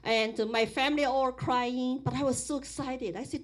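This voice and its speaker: A middle-aged woman from Sichuan with a Chinese accent, telling her life story in a public talk, animated, with frequent restarts. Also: high-pitched, normal speed. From Sichuan, China. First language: Mandarin Chinese.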